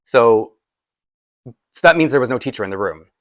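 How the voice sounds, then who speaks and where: A man's voice: medium pitch, lively intonation, moderate pace, a bit bright, no echo. A man in his forties telling a personal story in a casual, rambling way, with many fillers and restarts. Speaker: doll collector vlogger.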